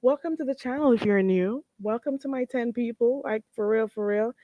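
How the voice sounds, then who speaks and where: A woman's voice: fairly high pitch, moderate pace, no echo, highs cut off. A woman hosting a casual livestream, recapping drama with blunt, profane commentary and frequent laughter at her own story. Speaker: livestream host.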